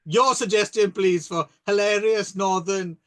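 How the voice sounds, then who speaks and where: A man's voice: high voice, steady tone, unhurried, fairly bright tone. A man in casual podcast chat, teasing and wry. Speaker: podcast co-host.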